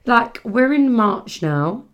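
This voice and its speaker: A woman's voice: a little high, animated, takes it slowly, highs cut off. A British woman hosting a casual solo podcast, chatting in a rambling way, full of fillers and self-corrections. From Britain. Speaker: podcast host. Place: home setting near the seaside.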